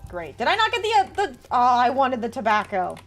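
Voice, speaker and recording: A young woman chats her way through a game on stream, reacting loudly and swearing casually. Her voice is fairly high and swings widely in pitch. Faint music plays behind her. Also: a little fast. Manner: chatty, swearing, excitable reactions. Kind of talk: playing a game on stream and reading dialogue aloud.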